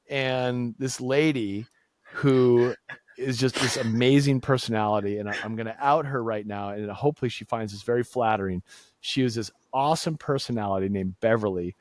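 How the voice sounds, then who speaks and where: A co-founder from Massachusetts, USA tells his company's story casually on a podcast, acting out dialogue with big jumps in his voice. His voice is mid-range and a little mellow, at a moderate pace, and the recording is dry.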